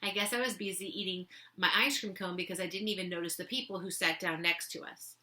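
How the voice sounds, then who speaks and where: A woman reads a children's novel aloud in a bright, clear voice that sits a little low. She talks to her listeners casually between passages, then settles back into the story. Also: steady tone, fairly quick. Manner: casual, chatty asides between readings. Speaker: teacher reading aloud.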